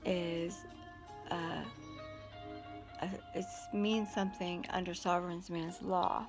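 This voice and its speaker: A woman recounts a run-in for her viewers, talking bluntly and with clear indignation. She is chatty and quick to editorialize. Music plays clearly behind her voice. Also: lowish voice. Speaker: vlogger. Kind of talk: casual storytelling to camera.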